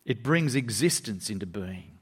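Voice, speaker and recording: A male pastor delivers a sermon, with a voice that swings widely in pitch as he drives his points home. He reads scripture passages aloud and drops into quick, low asides to check that his listeners are following. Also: slightly rough, big-room sound. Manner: animated preaching, pitch rising and dropping for emphasis, quick asides.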